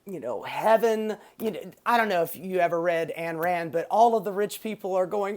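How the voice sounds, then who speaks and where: A woman's voice: lowish voice, normal speed, hardly any pauses. A woman hosting a podcast of profane, sarcastic political commentary. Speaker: podcast host.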